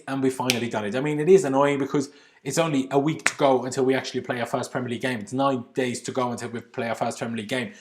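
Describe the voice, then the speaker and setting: A man with an Austrian accent hosting a casual football livestream from home, chatting loosely with British slang and answering viewer comments. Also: medium pitch. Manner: casual British slang, says "bloody" often. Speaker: football channel host.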